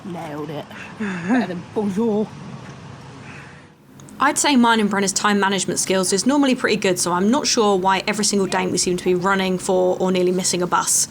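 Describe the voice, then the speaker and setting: A young woman talks through her hiking day at a quick clip. Her tone is chatty and self-mocking, like a travel vlogger. Wind and outdoor noise sit clearly under her voice. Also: medium pitch. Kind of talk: casual travel vlog narration. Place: outdoors on a mountain trail.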